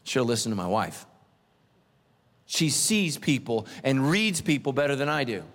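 A man, the senior pastor, preaching a humorous sermon as an animated, self-mocking storyteller. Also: medium pitch, a little slow, big-room sound.

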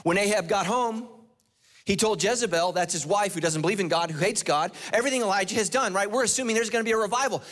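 A male pastor preaching a sermon, telling a story dramatically and putting questions to his congregation. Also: quick pace. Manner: dramatic storytelling with swings from loud and high to low and hushed; preaching to a live congregation, asking the crowd questions.

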